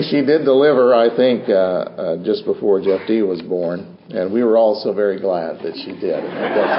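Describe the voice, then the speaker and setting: A man's voice: on the low side, a little hiss or hum. An older man preaching a sermon from the pulpit with dramatic, swinging delivery and repeated phrases. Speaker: pastor. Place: church sanctuary. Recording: roomy dull church recording.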